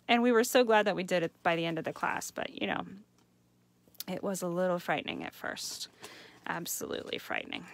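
A woman's voice: mid-range voice, a little fast, no echo. A woman hosting a live craft demonstration, chatty and enthusiastic, talking to viewers as you guys. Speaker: craft host. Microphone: home setup for a live stream.

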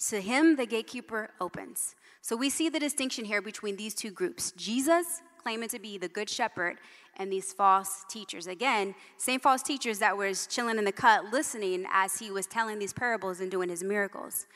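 A middle-aged woman preaching with a bright, forceful voice, chatty and conversational, often checking in with "right?". Her words carry a long reverb through the church hall. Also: medium pitch, normal speed. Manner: conversational, frequent "right?" asides. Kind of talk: sermon with personal stories.

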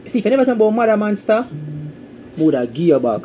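A man with a Jamaican accent live-streaming to his viewers, repeating catchphrases and breaking into sudden high, loud outbursts. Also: sing-song, fairly quick, slight background noise. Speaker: game streamer.

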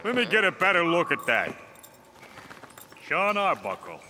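An actor voicing a gruff male dogcatcher in a cartoon, talking in a blustery, working-class way. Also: high voice, huge pitch swings, unhurried, background noise, exaggerated voice. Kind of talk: cartoon voice acting. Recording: loud cartoon music behind.

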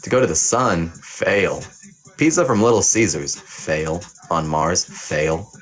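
Faint music plays behind a young man whose low voice has lively intonation and a slow pace. He is livestreaming as a mock teacher, reading chat and doling out teasing, profane pass-or-fail verdicts.

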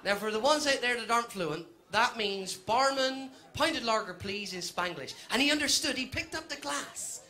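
A man's voice: very high voice, lively intonation, normal speed, few pauses, sharp tone. A man from Cornwall doing a stand-up comedy routine, telling a story with cheeky asides and silly put-on Spanish words. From Cornwall, England. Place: live comedy venue before an audience. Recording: audience murmur and faint noise.

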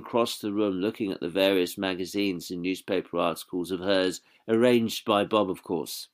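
A man narrating a novel in an audiobook in a measured storytelling manner. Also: deep voice, steady tone.

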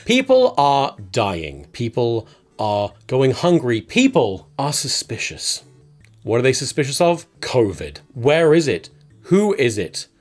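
A man improvising a pompous male national leader giving a mock-solemn address. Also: mid-range voice. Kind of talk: improvised comedy presentation.

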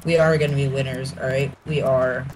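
A man's voice: mid-range voice, little pitch movement, brisk, a crowd in the background, low-quality recording. A man gaming over voice chat who talks in a playful, repetitive way and stammers often. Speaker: gamer. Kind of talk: casual voice chat while gaming.

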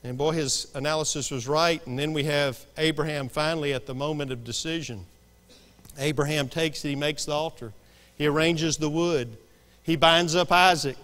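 A man preaching a sermon, swinging between hushed lines and sudden shouts. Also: a little high, steady tone, normal speed, in a large hall. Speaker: pastor. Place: church sanctuary.

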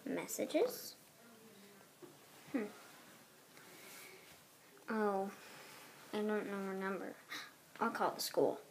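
A woman's voice: mid-range voice, extremely slow, long pauses, slight background noise. A woman voicing all the characters of a homemade doll drama, switching between girlish voices with giggles and whispers. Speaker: doll video voice performer.

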